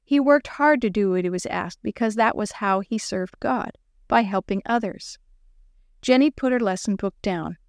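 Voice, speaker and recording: A woman reading a children's story aloud, gently expressive and voicing the characters. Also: fairly high pitch, moderate pace, no room sound, clean studio sound.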